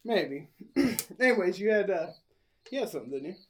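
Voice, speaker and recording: A man's voice: high voice, big pitch swings, brisk. A man in casual podcast chat, adding short teasing questions and remarks. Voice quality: interjecting, teasing listener. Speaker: podcast co-host.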